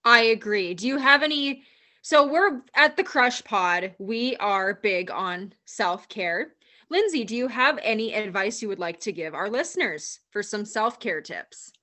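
A woman's voice: mid-range voice, expressive, a little slow, bright, forceful tone. A woman co-hosting a podcast in casual chat, chatty and often filling with "like". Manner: chatty, fills with "like". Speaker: podcast co-host.

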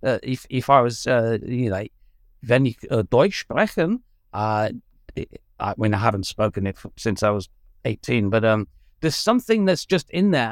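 A male actor and writer being interviewed, talking thoughtfully with frequent ums and lively swings in pitch. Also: no echo, studio quality. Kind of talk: casual interview chat.

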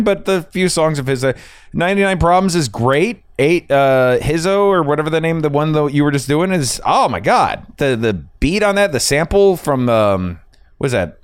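This male podcast host rambles through a casual chat, swearing and cracking himself up over his own tales. He sounds slightly high, recorded dry.

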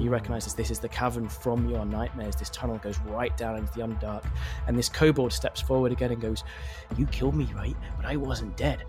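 A man narrating and running a tabletop game as game master, describing scenes in a measured way. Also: mid-range voice.

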